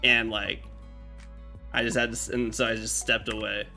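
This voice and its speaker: A man's voice: lowish voice, level tone, moderate pace, creaky, pushed and bright. A man chatting casually on a live game stream, rambling with lots of fillers and restarts. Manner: rambling, filler-heavy talk with many restarts. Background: faint game music.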